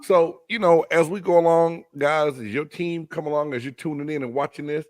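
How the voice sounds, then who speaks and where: Dude hosting a sports stream, loud hype, joking around, dry mic. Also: male voice, a little high, a little fast, no room sound. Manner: loud, hyped, joking banter. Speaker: host. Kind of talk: casual live sports chat.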